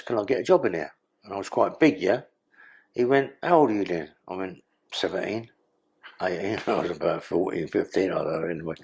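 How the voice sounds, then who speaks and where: A man's voice: on the low side, vocal fry, a little mellow, breathy edge. An older man with a London accent telling his life story in an interview, blunt and streetwise, swearing freely. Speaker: guest.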